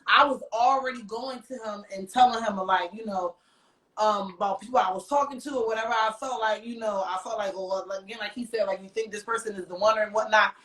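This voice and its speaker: A podcast guest with a medium-pitched voice, a woman, speaks a little fast as she casually shares a story and acts out quoted dialogue with animation. She's recorded from afar and off-mic, with echo from the room.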